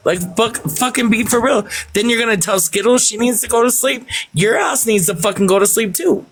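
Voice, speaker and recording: A man's voice: sits high, a bit bright, low-quality recording. Blunt, profane man on a livestream. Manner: blunt, profane, fast when angry. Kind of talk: heated casual chat on a group livestream.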